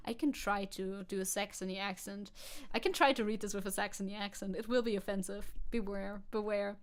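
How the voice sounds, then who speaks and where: A woman's voice: medium pitch, fairly bright tone. A woman VTuber chatting sarcastically through news on a livestream, laughing often. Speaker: VTuber streamer.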